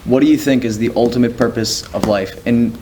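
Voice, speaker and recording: A man's voice: mid-range voice, fairly quick, dark tone, slight background noise. A man hosting a podcast, asking questions casually, stumbling and restarting mid-sentence and laughing easily. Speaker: podcast host. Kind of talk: casual interview chat.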